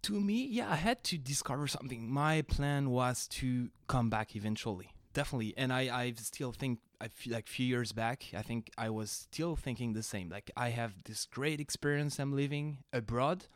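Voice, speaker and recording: Man, French accent, podcast guest, halting speech, dry close sound. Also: medium pitch, dry recording. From France. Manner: hesitant, many restarts and laughs. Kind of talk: casual interview chat.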